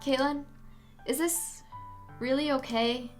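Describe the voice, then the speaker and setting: A woman voicing a sad, anxious teenage schoolgirl, reading game dialogue aloud in a soft, hesitant way. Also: sits high, fairly even intonation, slow, soft background music.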